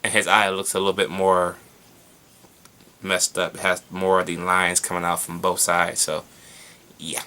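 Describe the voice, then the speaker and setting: A man giving a casual, chatty review of a TV episode, excitable and swearing freely. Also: sits low, a little slow, pauses often.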